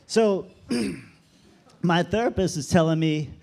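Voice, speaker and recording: Male open-mic comic, slightly high voice, meandering and halting. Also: vocal fry, darkish tone. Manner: rambling, hesitant, many fillers. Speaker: stand-up comic.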